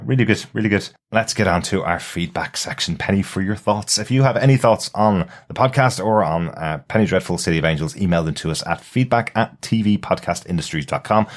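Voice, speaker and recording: Man, very low voice, relaxed podcast banter, laughs easily. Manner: chatty, laughs often, restarts thoughts. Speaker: podcast co-host. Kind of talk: casual chat.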